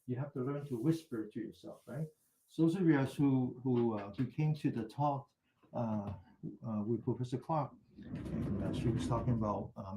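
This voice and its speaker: A man calmly talking a group through self-massage, step by step, sometimes whispering softly. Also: mid-range voice. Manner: calm step-by-step directions, drops to a soft whisper for repeated words. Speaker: mindfulness instructor. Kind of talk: guided self-massage instruction. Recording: echoey room.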